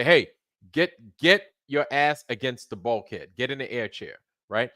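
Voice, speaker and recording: An American man talks loosely on his own livestream, going back over his words and cursing often. His voice is bright and forceful. The sound is dry and close, with little room echo. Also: mid-range voice. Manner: loose, rambling, swears freely, repeats phrases. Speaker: livestream host. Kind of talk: casual livestream rant.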